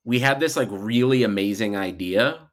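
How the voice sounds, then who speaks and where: A man co-hosting a casual podcast, rambling and animated. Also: on the low side, normal speed. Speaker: podcast co-host. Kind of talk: casual chat.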